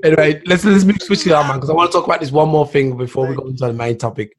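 A man's voice: fairly high pitch, racing. A man hosting a casual podcast chat, laid-back, peppering his talk with "man" and "dude". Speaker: podcast host. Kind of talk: casual banter.

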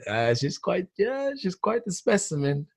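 The host here is an Englishman on a podcast, rambling in casual conversation and saying "man" a lot. His high voice is sing-song and slightly rough with vocal fry, and he keeps a measured pace.

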